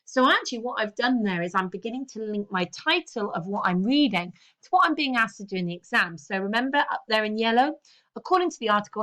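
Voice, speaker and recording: A woman's voice: fairly high pitch, expressive, fairly quick, sharp tone. Woman, English teacher, recorded lesson voice-over, step-by-step explaining, frequent "okay" check-ins.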